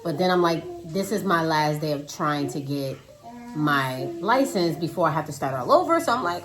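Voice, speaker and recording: A woman in her thirties telling a casual storytime about her day, dramatic and animated, talking to viewers as "y'all" while cooking at home. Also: low-pitched, moderate pace, crowd noise. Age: 30s. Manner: animated, dramatic retelling with quoted voices. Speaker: vlogger. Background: child singing in the background.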